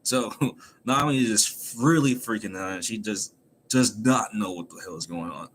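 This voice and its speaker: A man streaming a casual chapter recap from home, animated and laughing often as he acts out the characters. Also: fairly low pitch, normal speed, slight background noise. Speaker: anime chapter reviewer, streamer. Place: home room.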